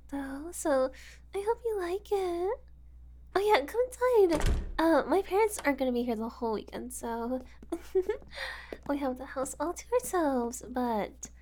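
A woman's voice: high voice, a little mellow. A woman playing a giggly unhinged young kidnapper. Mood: teasing. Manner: giggly, teasing, falsely reassuring. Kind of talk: amateur audio role-play.

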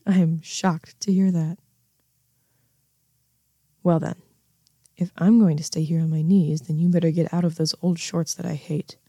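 A young woman in a whispered role-play, voicing a bossy, self-assured neighbor who talks in a slow, coaxing, commanding way with a breathy, half-whispered sound. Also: lowish voice, little pitch movement, warm tone, no room sound, clean studio sound. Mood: teasing.

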